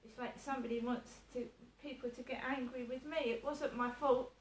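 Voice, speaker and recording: A woman's voice: high-pitched, steady tone, a little fast, slight background noise. Chatty woman vlogging in an echoey room. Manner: chatty, repeats herself, acts out others' words. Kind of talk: casual personal vlog. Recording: echoey room, voice a little distant, faint background ambience.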